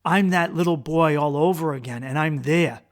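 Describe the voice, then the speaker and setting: A man's voice: a little high, moderate pace. A man hosting a podcast, retelling a harrowing personal experience in a raw, profane, intense way with frequent restarts. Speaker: podcast host. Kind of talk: personal storytelling monologue.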